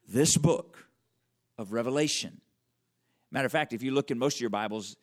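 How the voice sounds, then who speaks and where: A man preaching a conversational sermon, checking in with the audience with frequent questions and slowing right down to stress key words. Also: medium pitch. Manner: wide swings in loudness and emphasis, drawn-out slow words. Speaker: pastor.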